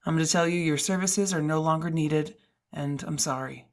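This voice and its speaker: A woman's voice: deep voice, normal speed. Woman doing a kindly, apologetic male security guard. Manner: gentle, apologetic.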